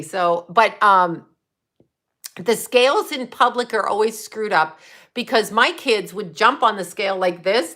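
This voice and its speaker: A woman's voice: on the high side, a bit bright. Blunt, profane Canadian woman ranting. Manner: blunt, profane, fast-shifting rant with laughs. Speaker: livestream host. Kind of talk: casual livestream rant.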